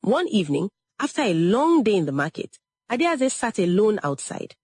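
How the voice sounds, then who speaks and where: A woman narrating a dramatic story in a slow, expressive, emotional way. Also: medium pitch, breathy edge, no echo.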